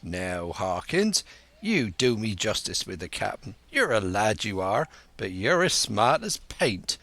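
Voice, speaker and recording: Loud hearty old pirate cook, drawls slow, dry close sound, as a man puts him on. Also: lowish voice, big pitch swings, dry recording, exaggerated voice. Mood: wheedling. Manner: hearty, blustering sea slang. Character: loud crafty one-legged pirate cook, older man.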